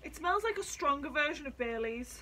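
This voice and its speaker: Woman, casual vlog chat, excitable and sweary, slightly high voice, faint background hiss. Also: normal speed, low-quality recording. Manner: excitable, chatty, swears freely. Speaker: vlogger reviewing drinks. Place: at home indoors.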